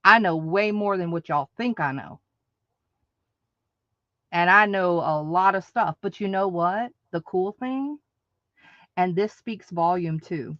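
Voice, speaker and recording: A woman's voice: fairly low pitch, fairly bright tone, no room sound, dull audio. A woman hosting an online craft market, ranting in an emphatic, repetitive, indignant way to her viewers. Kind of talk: ranting livestream monologue.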